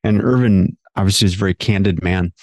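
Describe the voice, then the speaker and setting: A man's voice: deep voice, fast, a little mellow, dry recording, clean studio sound. A male hair-education director and guest, earnestly telling stories in casual conversation, often restarting his sentences. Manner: earnest, many restarts and repeated words.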